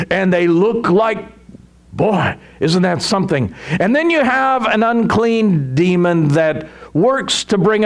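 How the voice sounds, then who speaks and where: A male pastor preaching a sermon in a conversational way, often chuckling as he explains scripture. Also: sits high.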